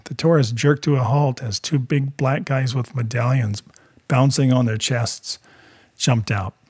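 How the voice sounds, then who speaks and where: A man narrating his own life story as a first-person testimony, in a plain, steady storytelling manner. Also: mid-range voice, measured pace, husky, no room sound.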